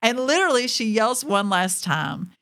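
A woman in her forties, a ministry speaker, telling a personal testimony as an animated storyteller who laughs between lines and talks straight to her audience. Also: fairly high pitch, normal speed.

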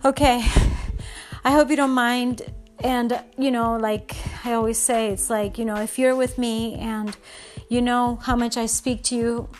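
A high-pitched woman hosts a fitness podcast, talking straight from the heart. She sounds upset and close to tears, earnest throughout. Soft music plays faintly in the background. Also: steady tone, a little slow. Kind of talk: personal podcast monologue.

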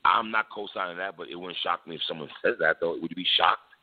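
A man with a low-pitched voice talks fast in a laid-back, slangy hip-hop debate chat, laughing often and repeating his phrases. The recording has a tinny, phone-like sound.

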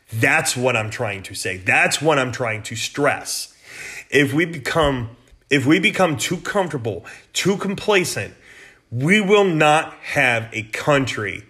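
A man's voice: medium pitch, bright, forceful tone. A man hosting a political podcast, delivering an angry, profane rant in a blunt, heated way. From United States.

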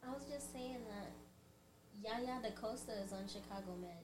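A woman's voice: a little high, normal speed, darkish tone, slight background noise. A woman co-hosting a podcast, chatting in a casual, teasing way. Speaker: podcast co-host. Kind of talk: casual chat.

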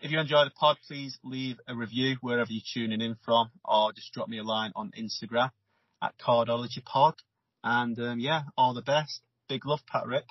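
A man's voice: medium pitch, moderate pace, dry recording. A man hosting a podcast, chatting casually with his guest. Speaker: podcast host. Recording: dull lo-fi dry sound.

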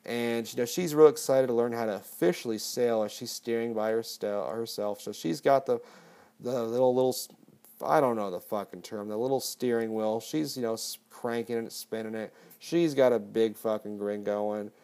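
Guy recapping a movie, loose and rambly, cusses a lot, middle pitch. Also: moderate pace, dark tone, clean tone. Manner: profane, rambling. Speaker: podcast host.

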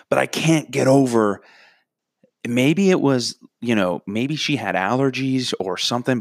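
A man's voice: fairly low pitch, no echo, clean studio sound. A young man telling a profane, rambling comic story with self-mocking asides. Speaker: comedic storyteller. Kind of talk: crude comedic storytelling.

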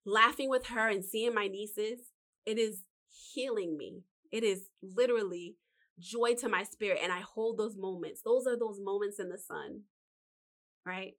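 A woman hosting a casual motivational talk. She gives life advice in a lively, preachy way, asks one rhetorical question after another, and calls the listener honey. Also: mid-range voice. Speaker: podcast host giving life advice.

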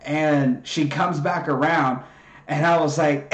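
Animated, profane male storyteller, slightly high voice, echoey room. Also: slow. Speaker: podcast co-host. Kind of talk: casual storytelling chat.

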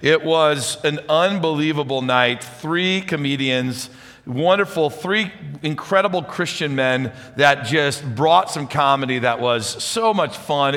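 A man preaching a sermon as pastor, chatty and energetic, speaking to a congregation. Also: fairly high pitch. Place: church hall with audience. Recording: reverberant church hall.

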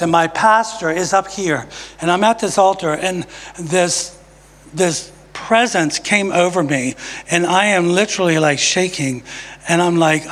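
High-voiced man preaching in a church. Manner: emphatic, swings from loud to hushed. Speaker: preacher giving testimony. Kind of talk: sermon testimony. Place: church sanctuary. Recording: long reverb of a church hall.

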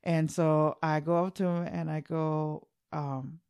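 A young adult woman co-hosting a podcast, telling candid, profane anecdotes in a lively way. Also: sits low, slow pace, clean tone. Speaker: podcast co-host. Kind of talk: casual chat.

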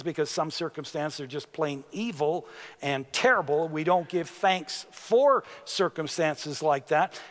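A male pastor preaches at a slow, deliberate pace, his voice sitting a little higher than most men's. He builds to sudden emphatic rises now and then. The sound carries a long reverb, as if heard in a church hall. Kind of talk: sermon.

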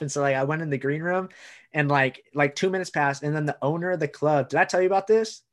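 A man's voice: on the high side, fast talker. A young man, a comedian, telling a story in casual chat, swearing and acting out the voices of others. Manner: lively storyteller, profane, acts out voices. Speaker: comedian and podcast co-host.

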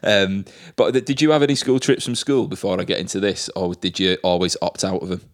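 Deep-voiced podcast host, joking along. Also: male voice, steady tone, a little fast. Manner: laughs along, joking banter. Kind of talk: casual chat.

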